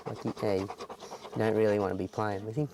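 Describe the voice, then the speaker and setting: A man's voice: fairly low pitch, flat delivery, quick pace, a little mellow, slight background noise. A man guiding a hunt outdoors, chatting laconically with dry humour. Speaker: hunting guide. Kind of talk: casual chat outdoors. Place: outdoors in the bush.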